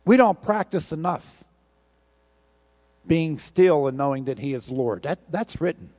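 Preacher with a long hall reverb. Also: male voice, mid-range voice, expressive, normal speed, dark tone. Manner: rhythmic, repetitive storytelling. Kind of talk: sermon with a told parable.

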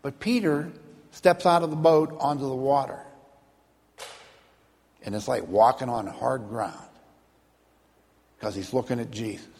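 A man's voice: mid-range voice, a little slow, pauses often, darkish tone. A man preaching a sermon as a pastor, telling stories and acting out the voices of the people in them. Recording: long hall reverb.

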